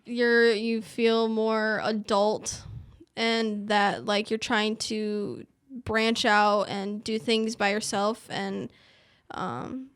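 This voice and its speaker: A young woman with a smooth, clear voice, a guest on a casual chat. She talks hesitantly, filling pauses with "um" and "like.". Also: medium pitch, flat delivery. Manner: hesitant, filler-heavy.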